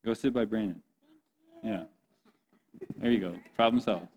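A man's voice: on the low side, unhurried, darkish tone, a little hiss or hum. A man giving an earnest, impassioned sermon as a youth pastor, often speaking to his listeners as "guys.".

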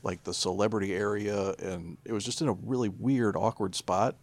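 A man's voice: lowish voice, fairly even intonation, moderate pace. A man co-hosting a podcast, telling a story in casual chat, rambling with restarts and swearing. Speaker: podcast co-host.

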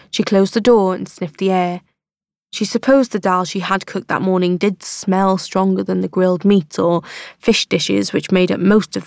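A woman narrating an audiobook in a measured, even reading voice. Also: mid-range voice, no echo, clean studio sound. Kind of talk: scripted narration.

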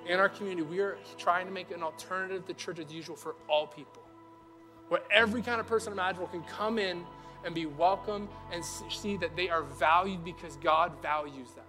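Young male pastor with a high voice, chatty sermon, animated asides. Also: a little fast, music in the background. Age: young adult. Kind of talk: casual conversational sermon.

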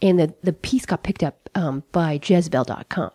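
A woman's voice: low-pitched, normal speed, mellow, husky, dry recording, studio quality. A middle-aged American woman telling a personal story, candid and profane, with lots of "like" and "you know". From United States. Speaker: comedian guest.

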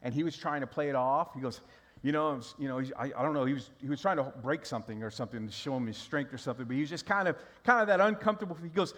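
A man's voice: mid-range voice, fast talker, a bit bright. A middle-aged man, preaching a sermon in a loose storytelling way, often restarting his sentences. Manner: conversational storytelling with repeated restarts. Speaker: pastor.

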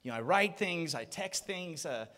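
Animated high-voiced male preacher. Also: normal speed. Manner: animated storyteller, acts out voices. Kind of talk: sermon with storytelling.

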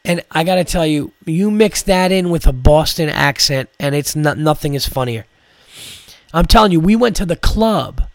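A man's voice: a little high, expressive, normal speed, dry recording. A man, a comedian hosting a podcast, telling a rambling story full of swearing and "like" fillers. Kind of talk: casual storytelling.

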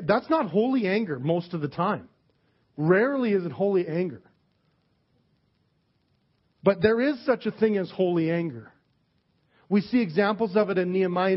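Joking pastor, higher voice. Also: male voice. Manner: candid, joking, acts out quoted people. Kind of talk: casual conversational sermon. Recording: dull lo-fi sermon recording.

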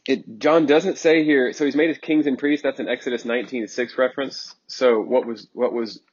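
A man's voice: mid-range voice, fairly even intonation, moderate pace, a little mellow, husky. A male preacher giving an emphatic sermon, repeating phrases for emphasis with frequent ums along the way. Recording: dull lo-fi sermon recording.

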